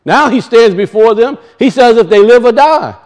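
A man's voice: very high-pitched, lively intonation, moderate pace, darkish tone, poor audio. A man preaching a sermon. He reads scripture aloud, asks his hearers pointed questions and often repeats words for emphasis.

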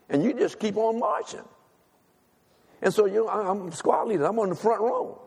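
Older preacher in an echoing hall. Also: male voice, high voice, moderate pace, creaky, darkish tone, breathy edge. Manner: conversational, calls for audience response. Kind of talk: sermon with personal story. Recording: long reverb of a large hall.

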